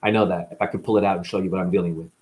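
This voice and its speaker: A man's voice: low-pitched, fairly even intonation, very fast, a little mellow. Man vlogger, in chronic pain, raw profane monologue, blunt and rambling. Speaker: live-stream vlogger.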